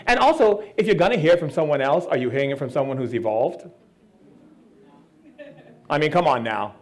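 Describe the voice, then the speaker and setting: High voiced guy doing a spiritual talk, super animated, laughs a lot and does voices. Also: normal speed. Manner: playful, laughing, acts out voices. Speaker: spiritual speaker. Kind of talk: expo stage talk. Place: expo lecture hall.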